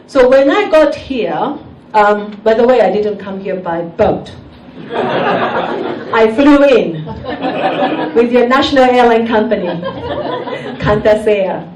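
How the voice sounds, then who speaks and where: A Japanese woman performs stand-up in a deadpan way, her English a little broken. She speaks slowly in a fairly high voice. The recording is roomy and taken from some distance, with the crowd noise clearly heard. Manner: deadpan, slightly broken English with comic pauses. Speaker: stand-up comedian. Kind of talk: stand-up comedy set. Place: comedy club stage. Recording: echoey venue mic heard from a distance, audience noise. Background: audience laughter.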